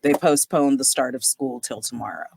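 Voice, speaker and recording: A woman in her thirties from Southern California hosting a casual podcast chat, animated, laughing often and swearing casually. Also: very deep voice, moderate pace, vocal fry, noisy background. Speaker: podcast host.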